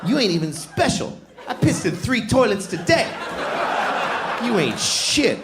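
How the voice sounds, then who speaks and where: A man's voice: sits high, big pitch swings, a little slow, voice pushed up. A man voicing a crude, foul-mouthed man who growls taunting insults at a toilet. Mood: taunting, contemptuous. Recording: echoey club with crowd noise.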